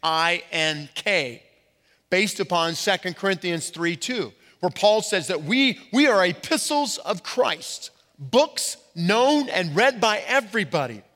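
A pastor giving a sermon to his congregation, leaning hard on key words and slowing down to stress them. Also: high voice, animated, bright, forceful tone. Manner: emphatic preaching with slow stressed words. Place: church sanctuary. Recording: reverberant hall.

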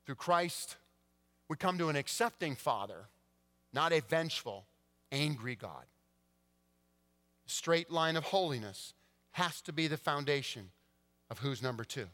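A male pastor preaching a sermon, swinging between hushed, quiet passages and emphatic, rising declarations. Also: a little high, animated, unhurried, pauses often. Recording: long church-hall reverb.

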